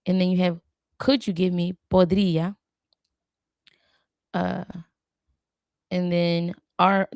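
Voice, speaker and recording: A woman with a low, gravelly voice talks slowly through a live study session. She repeats each word aloud and corrects herself as she goes, in a casual, chatty way. The sound is dry and close. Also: a little mellow, no echo. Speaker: language learner hosting a live stream.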